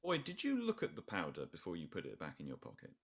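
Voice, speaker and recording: A man narrating a tabletop game as game master, with a halting delivery full of fillers. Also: sits low, wildly swooping pitch, husky.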